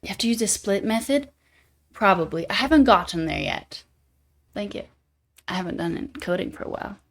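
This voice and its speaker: A woman's voice: medium pitch, animated, moderate pace. A young woman live-streaming as she codes, thinking aloud, joking at her own expense and answering chat as she goes. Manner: thinks aloud while coding, jokey and self-deprecating; answers viewer chat in passing. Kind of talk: casual live coding stream.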